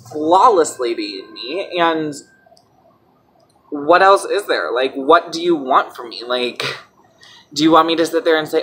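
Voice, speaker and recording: A woman's voice: deep voice, a little hiss or hum. A young woman vlogging in a candid, defiant rant, blunt and full of swearing, mocking her critics in quoted voices. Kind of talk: candid ranting vlog.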